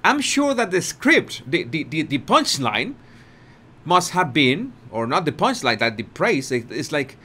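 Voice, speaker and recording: Brief: male video commentator, high and lively voice, unhurried and repetitive delivery. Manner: repetitive, restarts often, animated with laughter.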